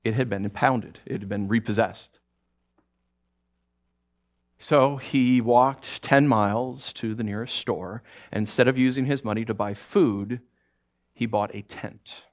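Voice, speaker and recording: A man preaching by telling a story, speaking softly and haltingly with frequent restarts. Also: on the low side. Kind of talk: sermon storytelling.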